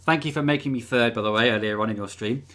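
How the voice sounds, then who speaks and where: A man in casual live-stream chat, talking from a room at home. His voice is bright and forward, neither high nor low. He rambles loosely, with frequent ums and uhs. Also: fast. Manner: rambling, filler-heavy, chatty. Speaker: livestream host.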